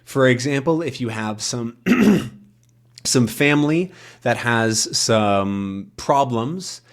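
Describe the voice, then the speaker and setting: A man teaching English by reading a comic aloud, explaining words in a chatty, animated way. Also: mid-range voice, slow. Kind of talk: comic read-along lesson.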